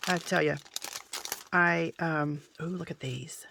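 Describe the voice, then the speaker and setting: Chatty low-voiced woman gushing over crafts. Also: unhurried, creaky, heavy background noise. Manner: chatty and gushing, frequent delighted exclamations. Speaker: craft vlogger. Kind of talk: casual unboxing chat.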